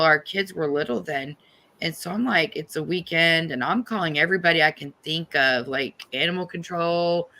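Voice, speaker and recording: A middle-aged woman hosting a livestream, telling a story in a casual, animated and profane way. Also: sits low. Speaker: livestream host.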